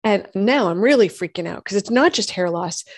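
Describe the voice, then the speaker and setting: A woman, a doctor and host telling her own health story in lively conversation, acting out what others said. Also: medium pitch, normal speed, no echo, clean studio sound. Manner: animated storytelling, acts out quoted voices. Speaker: functional medicine gynecologist and podcast host.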